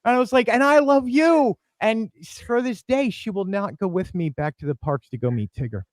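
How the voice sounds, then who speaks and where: Excitable man telling stories, dry close mic. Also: fairly quick, no echo. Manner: excitable, acts out quotes with big jumps in pitch. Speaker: podcast host. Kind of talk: animated storytelling chat.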